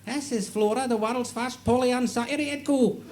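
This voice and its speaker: A man's voice: very high voice, steady tone, moderate pace. A man voicing a cheeky young farmer's son, with a northeast Scottish accent and a pushy manner. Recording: echoey, hissy tape copy.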